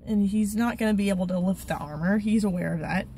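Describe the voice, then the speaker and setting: A woman hosting a casual Bible study video, retelling the story in a chatty, animated way. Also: mid-range voice, heavy background noise. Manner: chatty, animated, with quick restarts. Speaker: channel host, Bible study.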